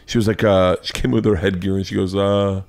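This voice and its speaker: A man in his forties with a fairly low voice hosts a podcast in loose, casual conversation. He tells stories animatedly, swears freely and jumps up in pitch to punch the funny parts. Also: fast, vocal fry. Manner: animated storytelling, swearing, jumping pitch for emphasis. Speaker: podcast host. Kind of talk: casual chat.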